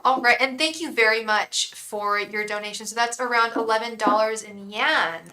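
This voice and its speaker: A tarot reader on a live stream speaks in a somewhat high voice at normal speed, with background noise behind her. She rambles along, chats directly with viewers by name, and drops slang like "girl" and "hun." While shuffling her deck, she keeps murmuring the same invocation.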